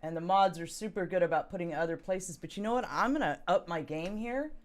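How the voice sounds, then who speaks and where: A woman's voice: lowish voice, a little fast. A woman hosting a live stream, chatting casually and reading news items. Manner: chatty, emphatic. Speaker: host.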